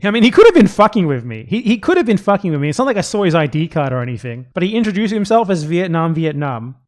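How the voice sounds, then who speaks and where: A man's voice: sits high, fast. A man streaming live and commenting sarcastically on a video, swearing often. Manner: sarcastic, profane, animated.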